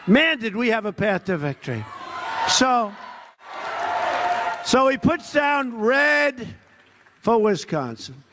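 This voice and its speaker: An older man in his seventies giving a loud, rambling rally speech from a podium, mocking people with put-on quotes. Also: very high voice. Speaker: political speaker at a rally. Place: large rally venue.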